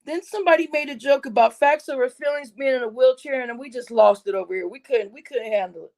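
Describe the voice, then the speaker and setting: High-voiced giggly woman livestreamer. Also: quick pace, darkish tone. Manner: giggly, breaks into laughing fits, swears a lot. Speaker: livestream host. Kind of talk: casual livestream chat.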